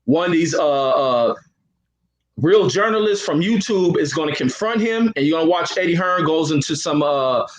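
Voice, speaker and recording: A man's voice: fairly high pitch, animated, moderate pace, echoey room, poor audio. A man co-hosting a live boxing talk stream, emphatic and rambling, with frequent filler sounds.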